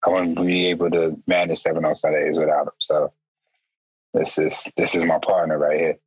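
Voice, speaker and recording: A man from Chicago co-hosts a podcast in a relaxed, slangy, joking way. His voice sits very low and sounds husky, and he is sick with a stuffy nose. The remote recording sounds dull and dry. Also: moderate pace, no room sound. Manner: laid-back, slangy, joking. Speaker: podcast co-host. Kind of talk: casual chat.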